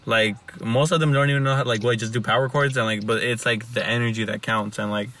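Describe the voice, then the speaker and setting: Bright-voiced young man rambling casually. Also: mid-range voice, steady tone, quick pace, recorded from a distance. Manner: rambling, full of "like" and restarts, swears freely. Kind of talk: casual chat.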